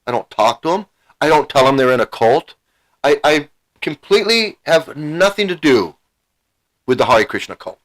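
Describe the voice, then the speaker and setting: A man's voice: fairly high pitch, animated, normal speed, a bit bright, low-quality recording. A middle-aged man hosting a livestream, ranting heatedly and emotionally, repeating himself and swearing. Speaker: channel host. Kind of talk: angry livestream rant.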